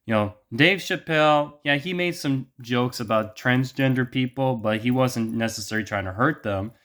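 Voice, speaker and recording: A man's voice: mid-range voice, normal speed, fairly bright tone. A man giving a blunt opinion monologue as a vlogger, ranting with frequent swearing.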